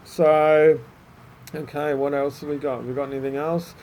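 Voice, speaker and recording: A man talks to his viewers in a relaxed, encouraging way, slipping into little acted bits of self-talk. His voice sits a little high for a man. A faint background hiss runs under the recording. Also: moderate pace, rough recording. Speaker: psychic reader. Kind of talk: casual spoken reading to camera.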